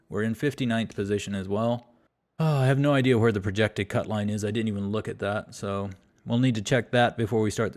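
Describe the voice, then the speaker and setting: A man's voice: lowish voice, vocal fry, a little mellow. A man giving exasperated, self-deprecating play-by-play commentary while playing a golf video game. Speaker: gaming YouTuber.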